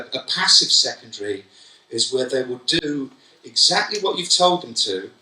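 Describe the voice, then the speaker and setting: A man giving a comic, animated keynote talk to teachers. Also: mid-range voice. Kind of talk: conference keynote. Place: conference hall. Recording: echoey hall, mic from far off.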